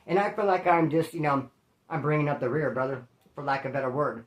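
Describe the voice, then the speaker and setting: A man's voice: fairly high pitch, quick pace. Slangy man telling street stories, roomy echo. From Bakersfield, California. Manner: slangy, animated, fond of street talk. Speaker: storyteller host. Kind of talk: casual street storytelling.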